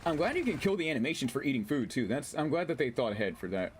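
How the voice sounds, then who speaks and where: A man casually commentating his gameplay on a stream, excitable, swearing, laughing and reading chat aloud. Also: mid-range voice, quick pace, a little hiss or hum.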